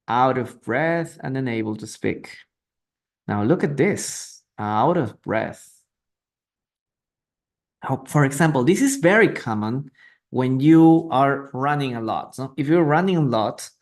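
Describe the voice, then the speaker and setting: A man from Peru, speaking at medium pitch with a creaky quality, runs a live online English reading lesson. Through a phone or computer mic, he patiently repeats and translates words, poses questions to students, and greets viewers.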